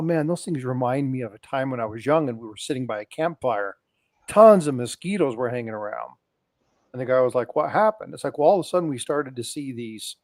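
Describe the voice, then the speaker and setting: A man's voice: mid-range voice, no room sound. A man casually telling long jokes on a live stream, animatedly doing the characters' voices as he goes. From lived in Utah.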